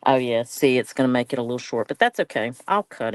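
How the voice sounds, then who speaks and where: A woman's voice: extremely low pitch, expressive, quick pace, few pauses. A woman with a Southern US accent hosting a live crafting stream, chatting casually and folksily with viewers as she works and reads their comments.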